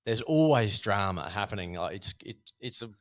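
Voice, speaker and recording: A middle-aged Australian man, a podcast guest, telling stories in a rambling, animated way with many fillers. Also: fairly low pitch, normal speed. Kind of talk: casual storytelling.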